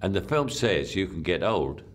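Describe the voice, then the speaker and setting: An older man speaks in a very deep, low voice, reflecting on his work as an actor. He rambles, doubles back on his words and lets his sentences trail off quietly. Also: big pitch swings, normal speed. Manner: rambling, repeats words, soft trailing asides. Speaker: actor being interviewed. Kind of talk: reflective interview talk.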